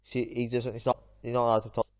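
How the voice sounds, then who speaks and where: A man's voice: mid-range voice, monotone, quick pace. A man, hosting a gaming video and rambling through an anecdote in casual chat. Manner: rambling anecdote full of fillers and restarts. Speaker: gaming channel host.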